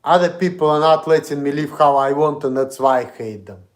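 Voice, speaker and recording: A man's voice: on the high side, fairly quick. A man with a Russian accent, streaming an indignant, profane, repetitive rant. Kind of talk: ranting monologue.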